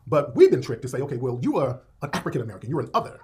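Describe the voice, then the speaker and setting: A man's voice: medium pitch, sing-song, rapid-fire, noisy background. A man giving impassioned commentary in an emphatic, preachy way.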